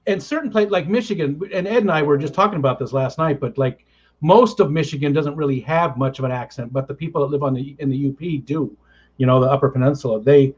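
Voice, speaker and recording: A man hosting a livestream in easygoing, casual chat, laughing often and thinking aloud. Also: medium pitch. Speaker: livestream host. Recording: slightly muffled lo-fi audio.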